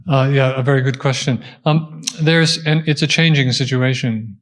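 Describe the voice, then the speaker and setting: A man answering an audience question at a talk, explaining step by step, pausing and restarting as he thinks. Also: mid-range voice, fairly even intonation. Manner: thoughtful, explaining step by step with frequent pauses and restarts.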